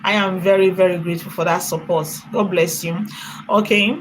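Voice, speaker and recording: A woman's voice: on the low side, fairly even intonation, a little fast, a little hiss or hum, rough recording. A woman with a Nigerian accent, chatting and commenting on a live stream, laughing often and thanking viewers for donations at length.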